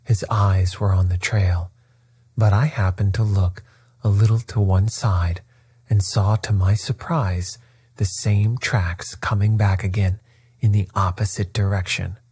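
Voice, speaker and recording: A man narrating a classic story at bedtime with a soft, steady, soothing delivery. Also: lowish voice, unhurried, breathy edge, no echo.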